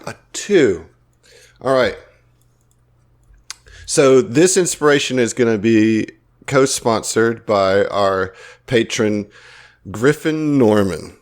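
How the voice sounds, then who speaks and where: A man's voice: mid-range voice, expressive, takes it slowly, long pauses. A man running a tabletop game as game master, hyped and casually swearing.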